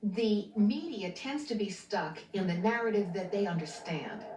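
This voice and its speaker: A woman speaking in an animated, conversational way in a documentary interview. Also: mid-range voice, unhurried, noisy background. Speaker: commentator interviewee. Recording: roomy, distant mic.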